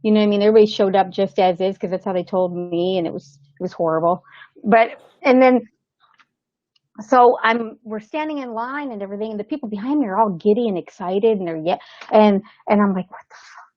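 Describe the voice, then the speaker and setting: A woman's voice: medium pitch, fairly quick, no echo. A woman actor, a guest on an interview show, telling a long story in a casual way and acting out the other people's lines. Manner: animated, acts out the voices of people in her story. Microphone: remote call setup. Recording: slightly dull lo-fi sound.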